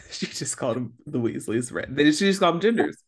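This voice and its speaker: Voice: mid-range voice, animated, brisk. A young adult podcast co-host with a mid-range voice, chatting casually. The talk wanders, full of "like" and restarts. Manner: rambling, many fillers. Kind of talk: casual chat.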